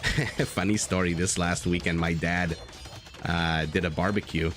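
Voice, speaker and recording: This live strategy-game caster talks a little slowly in a low, slightly bright voice with fairly even intonation, faint music in the background. He keeps things chatty and easygoing, swearing casually and spinning stories for his viewers.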